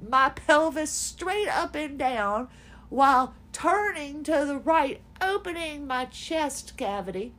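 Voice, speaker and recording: A woman's voice: high-pitched, animated, slow pace, a bit bright. A woman podcast host telling a story in an exasperated, sarcastic way, with laughs mixed in. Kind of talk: casual personal venting monologue.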